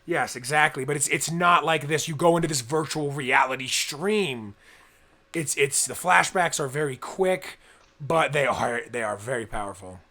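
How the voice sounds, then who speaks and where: A man's voice: on the high side, moderate pace, sharp tone. A young man co-hosting a casual podcast, talking earnestly and at length, acting out people's inner thoughts as he goes. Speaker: co-host.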